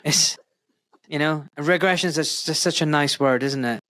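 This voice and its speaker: A man hosting a podcast interview, animated and sarcastic, mocking medical jargon and swearing freely. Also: fairly high pitch, moderate pace. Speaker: podcast host.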